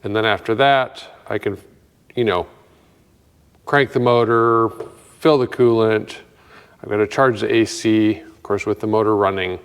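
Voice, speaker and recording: A man's voice: lowish voice, steady tone, a little slow, pauses often, clean tone, long reverb tail. A man walking through his progress on a customer's truck in his workshop, thinking aloud with lots of fillers and dry, self-mocking jokes. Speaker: mechanic working on a customer's truck. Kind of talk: casual workshop walkthrough.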